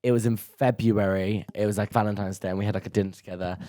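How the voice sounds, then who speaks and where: A young man in his twenties, a podcast guest in casual chat, telling stories in a quick, chatty way with frequent laughs. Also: on the low side, fairly even intonation, warm tone, no echo, clean studio sound. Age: young adult.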